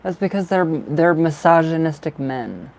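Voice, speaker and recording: A man's voice: on the high side, animated, a little slow, gravelly. A tired, chatty man. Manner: chatty, laughing often, trailing off. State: tired and drowsy. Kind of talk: casual chat with viewers.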